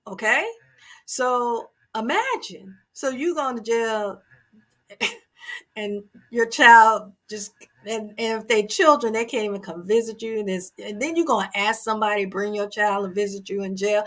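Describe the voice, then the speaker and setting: Slow, emphatic woman preaching to viewers. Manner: preachy and earnest, talks straight to the viewer; slow, emphatic and emotional, with sudden loud high bursts. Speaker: host. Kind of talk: motivational talk to viewers.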